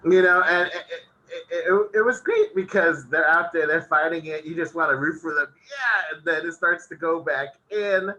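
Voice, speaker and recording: A man's voice: fairly high pitch, normal speed, pushed and bright, poor audio. A man co-hosting a casual podcast, recapping a show episode and laughing often as he talks. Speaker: podcast co-host.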